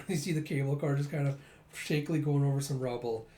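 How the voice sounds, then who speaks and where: A man retelling a comic book in a loose, chatty way, with quick asides between scenes. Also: medium pitch, fairly even intonation, warm tone. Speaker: manga reader and commentator. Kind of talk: casual read-through narration. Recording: roomy echo.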